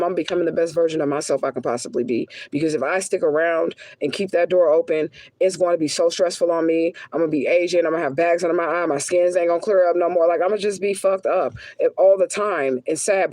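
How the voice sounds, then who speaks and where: Speaking in a fairly low, slightly mellow voice over a dry recording, this woman spiritual reader delivers a casual reading. Her talk is blunt and profane, and she hammers points home through heated, emphatic repetition.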